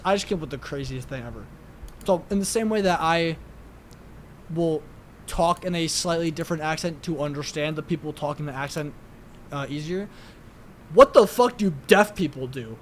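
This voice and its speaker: A man's voice: on the high side, a little hiss or hum. A young man with a New York accent, chatting casually as a podcast co-host, rambling and swearing with lots of filler words. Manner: rambling, profane, heavy use of "like".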